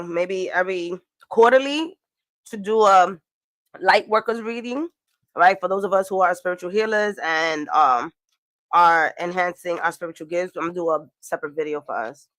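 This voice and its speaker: A woman's voice: fairly low pitch, moderate pace, long pauses, a bit bright, no room sound. Young woman w/ doing a loose tarot reading, chatty, cusses a lot, dry close mic. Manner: chatty, swearing, laughing asides. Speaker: tarot reader. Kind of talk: casual astrology and tarot reading.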